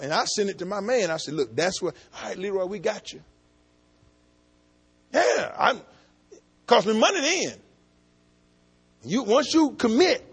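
Middle-aged preacher, husky and animated, folksy sermon with shouted peaks. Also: male voice. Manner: preaching, swings between low asides and shouted climaxes; folksy storytelling, talks to the congregation directly. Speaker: pastor.

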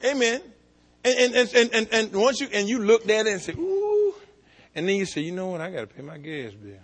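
A middle-aged man preaching a sermon, telling folksy stories and rising from low asides to shouted climaxes. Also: fast talker. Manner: folksy storytelling, talks to the congregation directly. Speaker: pastor.

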